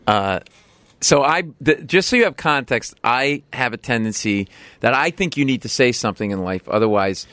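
A man appearing as a podcast guest, telling a story in a blunt, profane, animated way and acting out the lines of the people in it. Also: moderate pace, no echo. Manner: blunt, profane, jumps into loud high acted quotes. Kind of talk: animated storytelling in casual chat.

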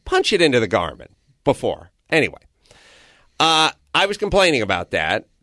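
A man's voice: mid-range voice, moderate pace, dry recording, clean studio sound. A man co-hosting a podcast, telling a profane, comedic story and acting out what people said. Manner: animated storytelling, acts out quotes, profane. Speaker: podcast co-host. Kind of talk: casual comedic rant.

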